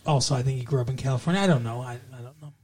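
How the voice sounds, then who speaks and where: A man's voice: mid-range voice, racing, darkish tone. A man hosting a casual podcast chat, rambling, trailing off and correcting himself as he goes. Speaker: podcast host.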